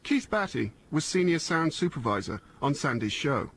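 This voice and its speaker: A man presenting a radio documentary, narrating from a script in a measured, explanatory way. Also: a little high, sing-song, a bit bright, husky.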